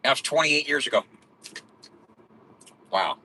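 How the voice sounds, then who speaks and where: A man's voice: on the high side, expressive, a little slow, pushed and bright, slight background noise, rough recording. A man in his forties telling rambling, profane stories in a blunt way. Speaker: vlogger.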